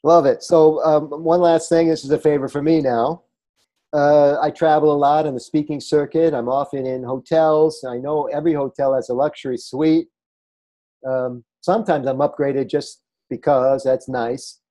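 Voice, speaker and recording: A man's voice: on the high side, fairly even intonation, normal speed, warm tone. A man hosting an interview, enthusiastic and jokey with his guest. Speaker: host. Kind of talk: conversational interview.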